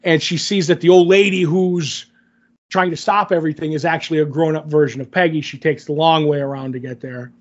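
A man's voice: on the high side, steady tone, a little fast, lo-fi sound. A man casually recapping a TV episode in a loose, rambling way, full of fillers. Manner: rambling, filler-heavy retelling. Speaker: podcast co-host.

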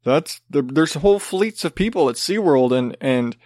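A man's voice: on the high side, expressive, moderate pace, darkish tone, no echo, studio quality. A man hosting a podcast, ranting sarcastically with plenty of swearing and rambling restarts. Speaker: podcast host. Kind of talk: casual ranting commentary.

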